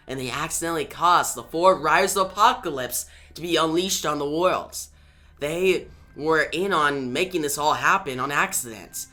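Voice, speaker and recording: A man retelling a comic book story for viewers, energetic and emphatic. His voice is bright and sits a little high, with faint music playing behind him.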